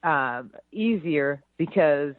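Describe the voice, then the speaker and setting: A woman's voice: low-pitched, lively intonation, takes it slowly, dry recording. A woman co-hosting a radio talk show, chatting loosely and hesitantly. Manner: loose, hesitant, thinking aloud. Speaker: radio co-host, real estate agent. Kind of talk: casual on-air chat. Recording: tinny phone line.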